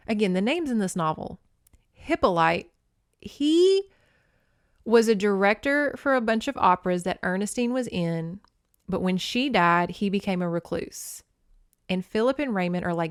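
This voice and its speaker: A woman podcast host giving a campy, animated comedic recap of a novel and slipping into character voices. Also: medium pitch, clean tone, dry recording, clean studio sound.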